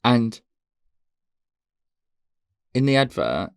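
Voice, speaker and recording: A man's voice: medium pitch, very animated, very slow, creaky, smooth, dry recording, clean studio sound. A man co-hosting a casual comedy podcast, telling anecdotes with bursts of laughter. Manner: chatty storyteller, bursts of laughter. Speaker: podcast co-host.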